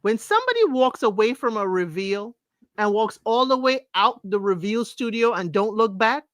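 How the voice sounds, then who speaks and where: A woman's voice: on the high side, sing-song, normal speed, no echo. A woman co-hosting a reality TV recap chat, blunt and sassy in her commentary. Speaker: co-host of a reality TV recap show. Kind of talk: casual chat.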